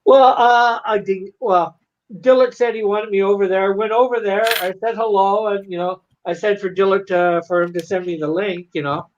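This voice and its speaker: A Canadian man with a high voice talks in a loose, rambling way, full of "um" and "you know." The audio is dull and lo-fi, like an online call. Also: steady tone, normal speed, slight background noise. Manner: rambling, hesitant with many fillers. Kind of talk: casual chat.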